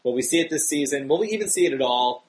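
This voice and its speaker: A man hosting a casual podcast chat, animated and excitable, his voice jumping up when worked up. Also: on the high side, fast talker, rough recording. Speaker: podcast host.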